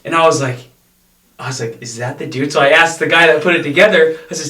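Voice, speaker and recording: A man's voice: mid-range voice, quick pace, bright, forceful tone. A middle-aged man telling long, rambling stories in casual chat as a podcast guest, laughing now and then. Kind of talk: casual storytelling. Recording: roomy echo, a bit far from mic.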